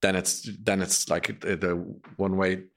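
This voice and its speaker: A middle-aged Irish man and radio presenter, chatting in an interview and acting out quotes in animated, raised voices. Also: low-pitched, moderate pace. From Ireland. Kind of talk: casual conversational interview.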